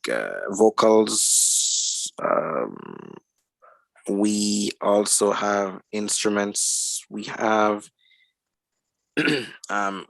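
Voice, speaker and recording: A man in his twenties, a guest musician, telling his story in a rambling, unhurried way on a podcast interview. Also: on the low side, gravelly, no room sound.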